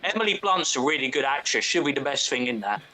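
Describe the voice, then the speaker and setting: A man's voice: mid-range voice, fast, over a noisy crowd. A man with a South London accent chatting casually on a podcast, blunt and sweary, telling stories with lots of energy. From England. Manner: sweary, blunt, animated storyteller. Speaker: podcast co-host. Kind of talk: casual chat.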